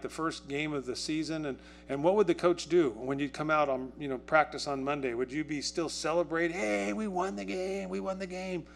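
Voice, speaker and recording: In a church, a pastor with a fairly high voice preaches in a conversational way, quizzing the congregation and performing quotes in a loud, excited tone. A little hiss or hum sits under the recording.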